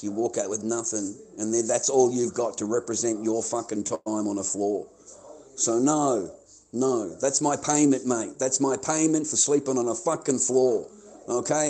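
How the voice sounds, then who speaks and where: A man's voice: mid-range voice, dark tone. A man with an Australian accent ranting to his livestream viewers, heated and profane, swearing and repeating himself constantly. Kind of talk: angry livestream rant.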